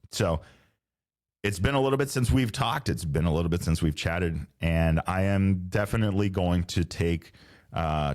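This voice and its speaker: Podcast host, man, middle-aged, very low voice; casual, rambling, slangy, restarts sentences. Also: a little mellow. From Southern California. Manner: rambling, self-correcting, laid-back slang. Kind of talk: casual solo podcast chat. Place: home podcast studio.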